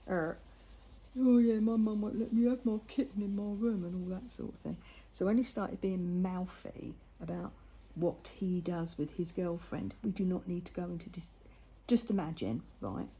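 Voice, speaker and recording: Older woman, mellow husky voice. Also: lowish voice, low-quality recording. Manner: chatty storytelling with lively retold quotes. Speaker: vlogger. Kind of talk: casual chat while colouring.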